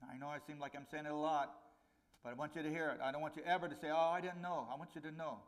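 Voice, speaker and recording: A middle-aged man preaching a conversational sermon, his voice rising on key points and dropping low on warnings. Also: steady tone, fast talker. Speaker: pastor.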